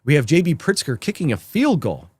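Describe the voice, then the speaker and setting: A man's voice: fairly high pitch, very animated, brisk, darkish tone, slight background noise. A man hosting a live political commentary show, talking sarcastically and mockingly to his viewers.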